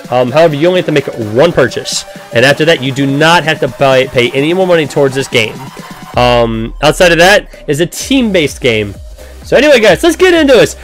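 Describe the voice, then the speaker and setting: A man's voice: a little high, expressive, brisk, soft background music. A man hosting a casual game live stream, chatty and upbeat, greeting viewers by name and explaining with frequent "um"s. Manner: frequent "um" fillers while explaining.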